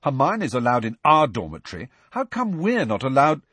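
A man voicing an excitable, blunt teenage schoolboy in an audiobook reading, with blurting, indignant delivery. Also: mid-range voice, normal speed, slightly rough, no room sound, pitched above the performer's own voice, heavily acted. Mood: eager, indignant.

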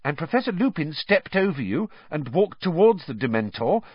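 A man voicing an earnest teenage schoolgirl who explains things in a rapid, breathless rush. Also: a little high, sing-song, husky, dry recording, lo-fi sound, voice pushed up. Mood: anxious.

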